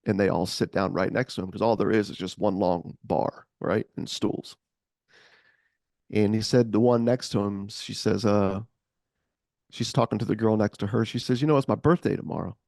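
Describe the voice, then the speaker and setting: A man co-hosting a podcast, telling a story in a casual, animated way. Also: lowish voice, normal speed, creaky, dry recording, studio quality. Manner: animated, acts out voices. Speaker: podcast co-host.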